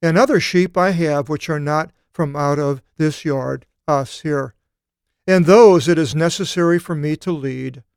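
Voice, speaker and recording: A man teaching a Bible study seminar, reading scripture aloud and explaining it, with thoughtful pauses and occasional fillers. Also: on the high side, creaky, a little mellow, smooth, no echo, studio quality.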